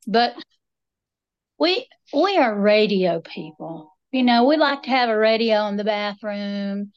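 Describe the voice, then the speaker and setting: A woman's voice: medium pitch, animated, takes it slowly. A middle-aged woman co-hosting a podcast, telling stories in a casual, wry, self-mocking way. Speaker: podcast co-host. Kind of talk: casual chat. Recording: dull lo-fi sound.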